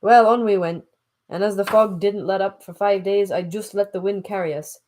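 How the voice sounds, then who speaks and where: A woman reading aloud and voicing a gruff middle-aged male sea captain with a Scottish accent, rambling in thick dialect. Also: mid-range voice, fairly even intonation, moderate pace, a little mellow, lightly acted. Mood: stubborn. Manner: folksy, rambling dialect storytelling. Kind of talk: audiobook reading.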